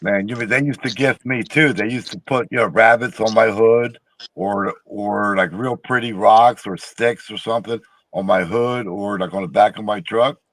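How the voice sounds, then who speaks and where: A man's voice: on the low side, steady tone, normal speed, fairly bright tone. A man from Tennessee, a guest researcher on a casual podcast, telling stories in a plainspoken, rambling way.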